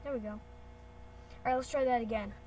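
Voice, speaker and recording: A woman's voice: fairly high pitch, steady tone, brisk, darkish tone, a little hiss or hum, rough recording. A woman giving rambling, playful commentary while using a computer, correcting herself as she goes. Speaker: channel host. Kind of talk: casual screen-recording commentary. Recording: keyboard and mouse clicks behind. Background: typing and clicking.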